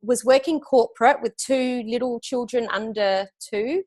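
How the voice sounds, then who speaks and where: An Australian woman in her forties talks as an interview guest, upbeat and animated. Her voice sits a little on the high side. She coaches business owners and tells stories easily. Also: unhurried. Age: 40s. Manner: upbeat, animated storytelling with frequent laughs. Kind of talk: conversational interview.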